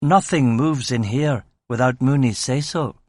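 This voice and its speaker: A man's voice: medium pitch, a little slow, darkish tone, no echo, lightly acted. A man playing a cautious factory manager in an audiobook, explaining things carefully and formally. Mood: measured.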